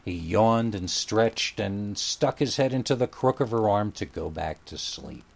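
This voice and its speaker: A man reading a first-person scary story aloud in a wry, conversational storytelling manner. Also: on the low side. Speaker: story narrator. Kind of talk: scripted horror story narration.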